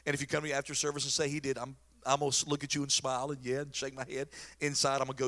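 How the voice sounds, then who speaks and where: A man's voice: mid-range voice, flat delivery, racing, a bit bright. A middle-aged man, a pastor preaching a sermon in a folksy, joking, storytelling way.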